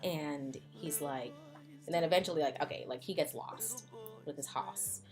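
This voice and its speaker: Sarcastic low-voiced woman vlogger. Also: normal speed, music in the background. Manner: sarcastic, many fillers. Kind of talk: casual, joking retelling.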